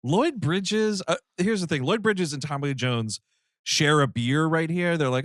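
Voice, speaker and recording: A man's voice: fairly high pitch, moderate pace, a bit bright, no room sound, studio quality. A man co-hosting a comedy podcast, in casual chat, ranting in mock outrage and swearing freely. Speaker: podcast co-host.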